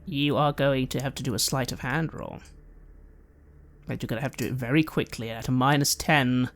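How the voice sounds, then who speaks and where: A game master narrating a tabletop roleplaying game and giving the players direction briskly. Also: female voice, very deep voice, steady tone.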